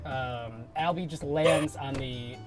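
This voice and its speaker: A woman narrating a tabletop game as game master, laughing often and breaking into loud character voices. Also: a bass voice, slow, over music.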